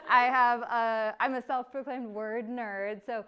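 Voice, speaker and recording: Young woman, workshop presenter, smooth clear voice, bubbly and chatty. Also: fairly high pitch, steady tone, a little slow, pushed and bright. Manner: bubbly and chatty, laughs often. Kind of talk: casual live workshop talk.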